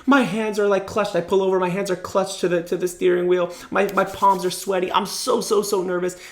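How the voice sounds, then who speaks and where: A man who is a rabbi, telling a story in an animated, storytelling talk and breaking into excited shouts. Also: sits high, brisk, a little hiss or hum.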